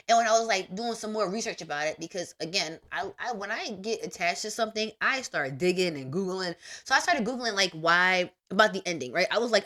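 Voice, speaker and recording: A young adult woman hosting a podcast, giving a casual, emphatic monologue full of slang and big pitch swings. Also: lively intonation, quick pace, hardly any pauses, sharp tone. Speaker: podcast host.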